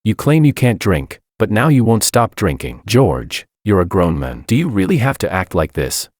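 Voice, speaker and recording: A man's voice: lowish voice, sing-song, moderate pace, a little mellow, no room sound, clean studio sound. A man voicing a cold, proud young woman CEO who scolds curtly in a narrated story. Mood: cold reproach. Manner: curt, scolding.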